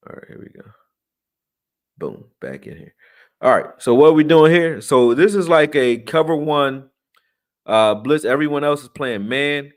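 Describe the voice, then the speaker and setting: A man's voice: on the high side, expressive, measured pace. A man hosting a live sports channel, talking casually through game film with slang, fillers and restarts, and he is tired. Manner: loose and chatty, slangy, many fillers and restarts. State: tired, yawning.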